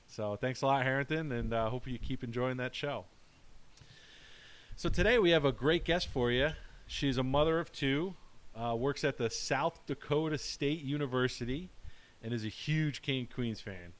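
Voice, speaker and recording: New guy hosting a chill podcast, lots of uh's and restarts, medium pitch. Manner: halting, many fillers and restarts. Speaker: podcast host. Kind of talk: casual podcast chat.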